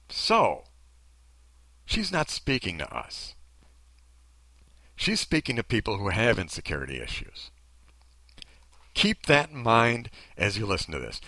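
A man's voice: mid-range voice, bright, forceful tone, no room sound. A man giving blunt, sarcastic commentary on a video.

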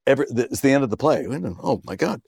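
Middle-aged actor guest, animated storyteller who plays every part, dry close mic. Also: male voice, medium pitch, racing, creaky, breathy edge, no echo. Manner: acts out quoted voices, laughs mid-story. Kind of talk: casual chat, animated storytelling.

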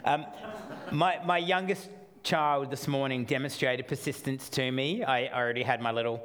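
A man's voice: medium pitch, steady tone, moderate pace, a bit bright. A middle-aged man preaching a sermon, chatty at first, then building to emphatic, repeated calls. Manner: conversational, builds to emphatic repetition. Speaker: pastor.

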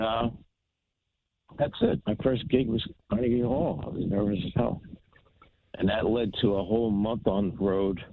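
A man's voice: fairly low pitch, creaky. A man from New Jersey telling stories in an interview as a guest guitarist, acting out the voices of the people in them. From New Jersey, United States. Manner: animated anecdote teller, acts out voices of others. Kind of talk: storytelling interview. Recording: tinny phone-line sound.

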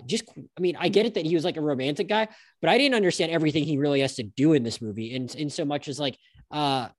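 A podcast host, a man, speaks in a rapid and slightly high voice. He rambles through his points with frequent false starts. The sound is dry and close, with no room in it. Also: no room sound. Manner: rambling, stop-start phrasing with many restarts. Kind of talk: casual film discussion.

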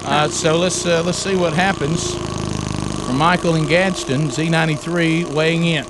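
A man hosting a morning radio call-in game, loud and exuberant, breaking into shouted chants. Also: a little high, steady tone, moderate pace, heavy background noise. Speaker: radio host.

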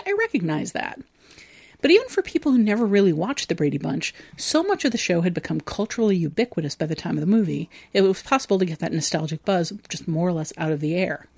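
A woman's voice: lowish voice, darkish tone, no room sound, studio quality. A woman hosting a film discussion podcast, reading prepared commentary and then opening it up to her co-hosts. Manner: opens with scripted-sounding essay read-out, then asks others. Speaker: podcast host.

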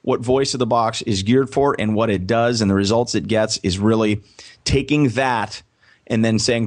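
A man speaking as a guest on a sports podcast, talking in a measured way and spelling out his website slowly. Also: on the low side. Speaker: guest, press box announcer and career coach. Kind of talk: podcast interview.

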